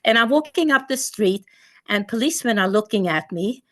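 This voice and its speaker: A woman's voice: fairly high pitch, lively intonation, normal speed, a bit bright. A woman in her eighties from Sweden, a guest speaker telling a personal story vividly, with repetitions and restarts.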